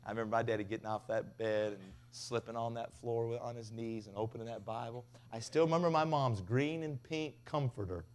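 A man preaching a revival sermon, telling stories with big swings from loud to hushed. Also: mid-range voice, normal speed, hardly any pauses. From Tennessee. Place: revival tent.

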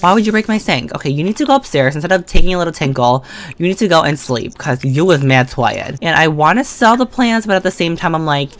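A woman with a notably low voice talks her way through a life-sim game into a desk condenser mic. Her commentary is loose and full of slang. She chats straight to the characters and breaks into sudden excited or mock-scared outbursts. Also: fast talker. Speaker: gaming video creator. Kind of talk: casual let's-play commentary.

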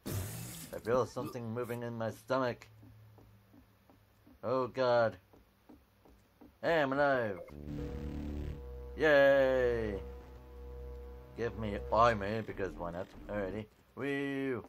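Man, unhurried gameplay commentary, medium pitch, dry offhand delivery, desk mic. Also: fairly bright tone, soft background music. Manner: offhand, dry, reads out on-screen text, keeps saying "alrighty". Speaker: gameplay video maker.

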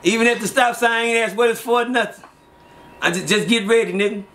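A middle-aged man spins street tales in an interview. His voice sits high and bright, and he acts out every quote with lively energy. He breaks into laughter often as he talks. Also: fast talker. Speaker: interview guest. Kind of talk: casual street storytelling.

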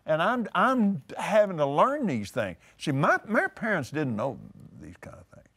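An older man, teaching on a talk show, emphatic and animated, repeating words for force. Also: sits high, a little slow, breathy edge. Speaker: preacher. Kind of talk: conversational teaching.

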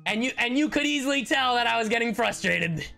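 A man from Miami, a streamer and voice actor, telling stories to his stream chat in a casual, expressive way. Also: very high voice, brisk, gravelly, faint music behind. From Miami, Florida. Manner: animated, expressive storyteller.

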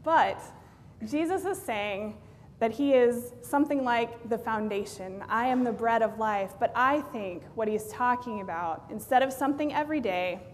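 A woman pastor giving a sermon in a plainspoken, lightly joking manner. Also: moderate pace. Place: church sanctuary. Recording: reverberant church hall, faint rumble.

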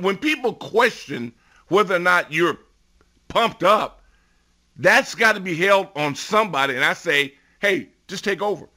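A middle-aged man giving football analysis as a radio guest, emphatic and building to loud bursts on his points. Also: high-pitched, animated, a little slow. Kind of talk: sports radio talk.

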